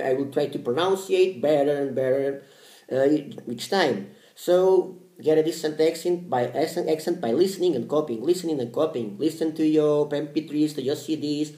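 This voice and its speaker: A man's voice: fairly high pitch, warm tone, roomy sound. A man whose first language is Portuguese, giving unscripted language-learning advice on his vlog and thinking aloud as he searches for words.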